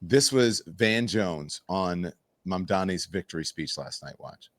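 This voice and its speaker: A man hosting a casual panel talk show, friendly and quick to jump in with introductions and questions. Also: low-pitched, expressive, dry recording.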